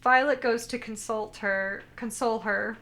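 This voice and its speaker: A woman's voice: a little high, steady tone, a little slow, a bit bright. A woman co-hosting a casual podcast, retelling anime scenes and quoting the characters in her own voice. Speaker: podcast co-host. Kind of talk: casual chat recapping an anime.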